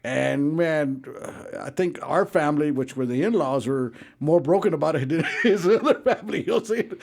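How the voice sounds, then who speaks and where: A man in his fifties chats casually and reflectively, often asking whether his listener follows. His voice sits a little high for a man. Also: expressive, moderate pace, creaky, a little mellow. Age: 50s. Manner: reflective, repeats "you know what I'm saying". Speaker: podcast co-host. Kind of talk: casual chat.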